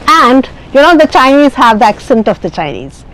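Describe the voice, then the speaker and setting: A woman's voice: high voice, big pitch swings, moderate pace, a bit bright, slight background noise, poor audio. A woman with an Indian English accent, teaching an IELTS speaking lesson in an explanatory way, with many fillers and restarts. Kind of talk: classroom lecture.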